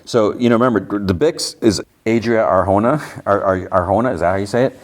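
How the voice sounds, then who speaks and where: On his podcast, a man with a fairly low pitch recaps TV episodes at a fairly quick clip. It's casual and rambling talk, with "like" used as filler throughout.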